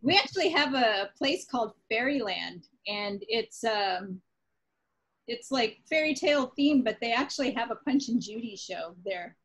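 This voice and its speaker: A fairly high-voiced woman hosts a relaxed interview. She talks in a friendly, chatty way. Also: normal speed, husky, low-quality recording. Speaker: radio show host. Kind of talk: casual interview chat.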